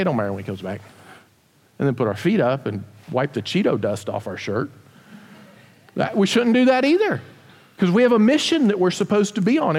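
A male pastor giving a sermon in a lively, conversational way, asking the congregation rhetorical questions. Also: a little high, in a large hall.

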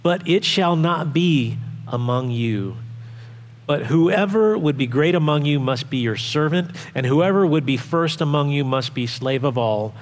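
A male pastor preaching a sermon in an animated way, acting out voices and asking the congregation questions. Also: on the high side, in a large hall.

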